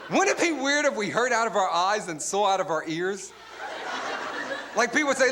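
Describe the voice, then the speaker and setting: A man doing a stand-up comedy routine on a live television stage, acting out bits in loud put-on voices. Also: high voice, sing-song, brisk. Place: live television stage before a studio audience. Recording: noisy live broadcast with crowd laughter. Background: audience laughter.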